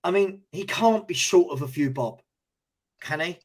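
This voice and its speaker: A man co-hosting a live football fan stream, animated and posing questions with stammering restarts. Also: high voice, measured pace, husky.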